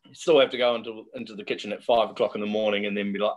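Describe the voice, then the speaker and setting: A man's voice: on the low side, fairly even intonation, fast talker. A middle-aged man, a guest telling chatty, laughing anecdotes in a casual interview.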